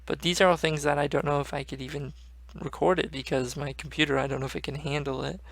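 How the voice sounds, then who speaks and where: A man's voice: on the high side, flat delivery, quick pace, vocal fry, a bit bright. A young man hosting a gaming channel, rambling casually and swearing often. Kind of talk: casual gaming vlog chat.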